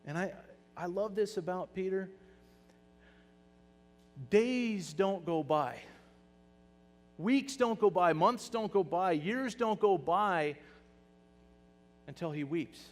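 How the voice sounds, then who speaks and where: A male pastor preaching a sermon, animated and swinging between soft, hushed lines and loud bursts. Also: sits high, slow, pauses often. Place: church hall. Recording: long hall reverb.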